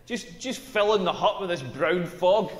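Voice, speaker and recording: A brash Scottish stand-up comic. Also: male voice, sits high, moderate pace. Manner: crude, brash deadpan punchlines. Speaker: stand-up comedian. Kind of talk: stand-up comedy set. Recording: echoey hall with long reverb.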